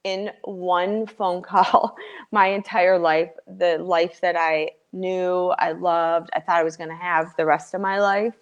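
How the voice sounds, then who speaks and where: A middle-aged woman telling her personal story as a guest, earnest and halting, with many fillers and restarts. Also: lowish voice, little pitch movement, smooth, dull audio.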